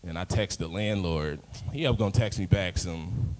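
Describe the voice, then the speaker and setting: A man's voice: low-pitched, normal speed, darkish tone, in a large hall, low-quality recording. A young man from Chicago's South Side doing a loose, rambling stand-up set at an open mic, full of fillers and chuckling at his own jokes. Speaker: stand-up comic. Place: open-mic stage in an arts space.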